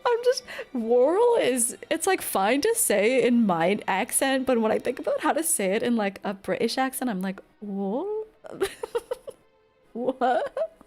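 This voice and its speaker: A woman's voice: on the high side, sing-song, normal speed, few pauses, a little mellow. Young woman streamer, casual commentary, chatty and exclamatory, faint game music under. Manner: chatty, exclamatory, laughs often. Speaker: gaming streamer.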